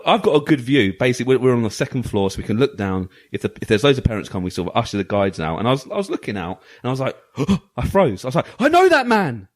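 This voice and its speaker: An animated man tells a story on a podcast. He talks quickly, and his pitch swings widely as he laughs his way through the anecdote. The whole thing is casual and chatty. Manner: lively storytelling, often laughing. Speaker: podcast co-host. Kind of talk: casual chat.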